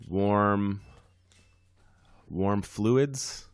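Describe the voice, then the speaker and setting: Hoarse male podcast host, low voice. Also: normal speed, dry recording. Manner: rambling, frequent fillers. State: hoarse, voice worn out. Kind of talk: casual podcast chat.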